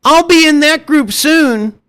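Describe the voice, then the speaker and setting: A man's voice: very high voice, slow, sharp tone, voice pushed up, full character voice. A man putting on the voice of a whiny, spoiled young man who pities himself for not being rich. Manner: whining, self-pitying.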